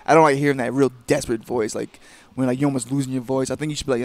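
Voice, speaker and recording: Fast-talking gravelly young guy. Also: medium pitch. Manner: fast, loose, animated storytelling with lots of "like". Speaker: guest fighter. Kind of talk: casual radio chat.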